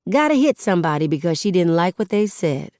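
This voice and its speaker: A woman voicing a loving middle-aged mother who speaks in a measured, no-nonsense way. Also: on the low side, sing-song, dark tone, dry recording, clean studio sound.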